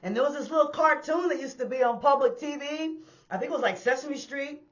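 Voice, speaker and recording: A woman who used to drive buses tells a personal street story in a casual, animated way, talking straight to her listeners and acting out the sounds. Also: high voice, fairly quick, dull audio. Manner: animated, addresses listeners as y'all, acts out sounds. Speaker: storyteller and former bus driver. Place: indoors on a hot day.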